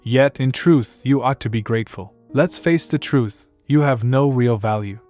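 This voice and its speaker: A man's voice: medium pitch, moderate pace, a little mellow, soft background music, natural voice. A man reading as a cruel arrogant count. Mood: contemptuous. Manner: reads his lines plainly in his own voice. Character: cruel arrogant nobleman husband.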